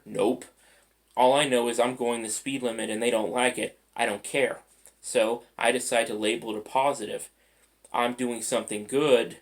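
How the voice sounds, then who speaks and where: A man's voice: mid-range voice, vocal fry. A man mentoring listeners in a casual, conversational motivational talk, acting out everyday scenarios as he goes. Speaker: life mentor.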